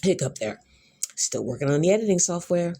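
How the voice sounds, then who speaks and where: A woman's voice: lowish voice, expressive, a little fast, mellow, slightly rough. A woman hosting a podcast, giving rambling reaction commentary, exclamatory and profane, repeating herself. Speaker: podcast host reacting to a video.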